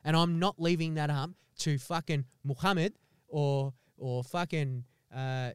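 A man with a high, smooth voice rants in a heated, profane, comedic way. He keeps checking in with his listeners and pushes each point hard. The sound is close and dry. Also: fairly even intonation, measured pace, dry recording. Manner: heated, sweary, repeats "do you know what I mean". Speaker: podcast host.

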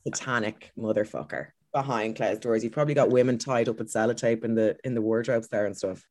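A woman's voice: very deep voice, darkish tone. A woman from Ireland with a Dublin accent, a comedian guest bantering and teasing on a podcast video call. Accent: Dublin Irish. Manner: teasing, quick-witted banter. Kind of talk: casual podcast chat.

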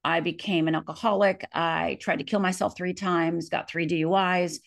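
In this interview, a middle-aged author from Upper Michigan, USA, recounts her own history with earnest, vivid storytelling, performing the quoted lines. She has a gravelly, lowish voice, keeps her intonation fairly even, and moves at a moderate pace.

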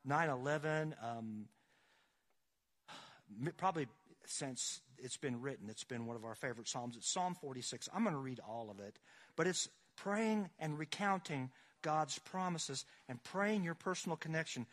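A man's voice: a little high, expressive, normal speed, fairly bright tone. A man preaching a sermon, reading scripture aloud with rising dramatic force and asking the congregation questions. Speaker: pastor.

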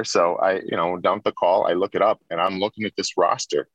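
A man in his forties with a lowish voice tells long, rambling stories in a relaxed interview. He circles back and restarts often, and the sound is dry and close, with little room to it. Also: fairly quick, no room sound, lo-fi sound. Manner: rambling, many restarts and repeats. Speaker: interview guest, former pro hockey player. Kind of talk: casual storytelling interview.

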